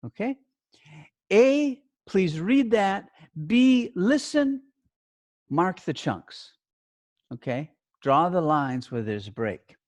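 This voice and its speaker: Slow, lively-pitched male teacher on a video call. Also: no room sound. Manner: clear, deliberate instruction-giving with emphatic stress. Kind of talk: online class instructions.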